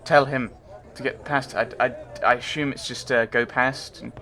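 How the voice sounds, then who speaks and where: A man's voice: mid-range voice, steady tone, normal speed, bright, forceful tone. A man giving casual commentary on his gameplay, rambling and chatty, often mocking himself. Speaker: let's play host.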